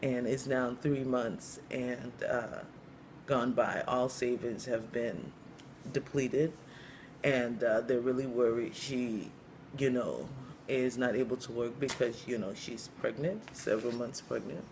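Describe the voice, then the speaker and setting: A man telling a long story joke in a casual, rambling way, with lots of you-knows and pauses. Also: medium pitch, fairly even intonation, a little mellow, slight background noise. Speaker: comedian storyteller.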